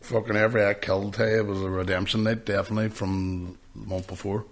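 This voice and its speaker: A man's voice: on the low side, little pitch movement, quick pace, a little hiss or hum. A man, a comedian hosting a podcast, telling sweary stories in casual chat and laughing often.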